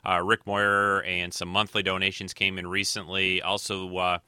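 Casual podcast host, bright and crisp. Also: male voice, low voice, monotone, no room sound, clean studio sound. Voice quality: slightly nasal today. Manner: rambling, many filler pauses. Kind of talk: casual solo podcast talk.

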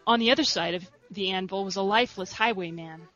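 A woman reading a story aloud in a soft, steady narration. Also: medium pitch, quick pace, dull audio, faint music behind. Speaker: reader.

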